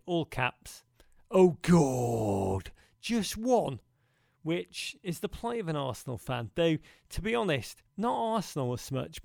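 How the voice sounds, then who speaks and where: A man hosting a podcast talks in a rambling, wistful way and leans hard on some words. His voice is gravelly yet smooth and sits a little high for a man. The sound is dry and close to the mic. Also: dry recording. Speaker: podcast host. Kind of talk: casual podcast monologue answering listener questions.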